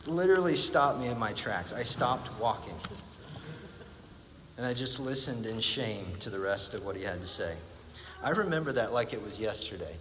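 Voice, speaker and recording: A man preaching a sermon at an ordinary, middling pitch, his earnest and reflective words trailing into a long reverb. He often repeats phrases to drive a point home. Faint noise sits underneath the recording. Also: animated, moderate pace.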